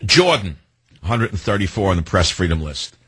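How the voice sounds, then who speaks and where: A man's voice: sits low, sing-song, brisk, sharp tone, breathy edge, no echo. An older man hosting a talk show, rambling in a sardonic, free-associating monologue. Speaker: radio talk host. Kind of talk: opinionated talk radio monologue.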